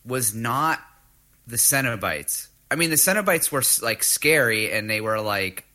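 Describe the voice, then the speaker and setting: A man co-hosting a podcast, talking casually in a halting way that stops and restarts, with casual swearing. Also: mid-range voice, animated, pushed and bright. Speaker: podcast co-host. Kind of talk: casual chat.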